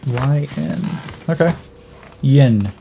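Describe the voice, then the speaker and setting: Male game master, gravelly and mellow, laid-back tabletop narration. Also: medium pitch, very slow, slight background noise. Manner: relaxed, hesitant with fillers.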